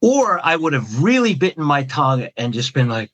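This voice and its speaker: A man's voice: a little high, big pitch swings, moderate pace, few pauses, a bit bright. Man explaining a communication model. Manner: methodical, lays out points as questions and lists. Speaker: communication trainer guest. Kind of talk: explanatory podcast conversation.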